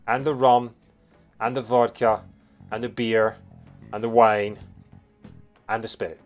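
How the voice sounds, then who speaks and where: A man's voice: medium pitch, fairly even intonation, slow, pauses often, faint music behind. A man casually commentating on a game as he plays, cracking jokes and puns. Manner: joking, punning, playful. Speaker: let's player.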